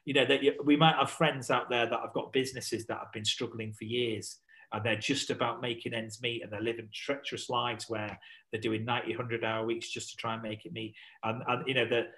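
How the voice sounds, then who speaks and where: A man's voice: mid-range voice, flat delivery, brisk, fairly bright tone, poor audio. Guy waffling on a podcast, loads of fillers and restarts. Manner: rambling, lots of fillers and restarts. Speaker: podcast guest, survival instructor. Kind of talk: casual podcast chat.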